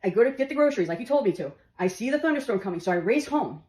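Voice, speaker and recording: A woman's voice: on the high side, lively intonation, racing, darkish tone. A woman casually telling a comic story, laughing through her words and swearing now and then. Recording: roomy echo with faint music.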